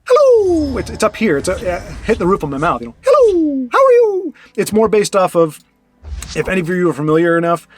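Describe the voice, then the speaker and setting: Faint music plays behind this card-game streamer, whose high-pitched voice is quick and gravelly. He keeps up chatty gameplay commentary, reasoning out loud with plenty of fillers and false starts.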